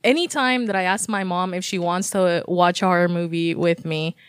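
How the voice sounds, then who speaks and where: A woman's voice: on the low side, normal speed, clean tone, dry recording, studio quality. A woman co-hosting a podcast, telling stories in a rambling, casual way with lots of fillers and swearing. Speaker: podcast co-host. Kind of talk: casual chat.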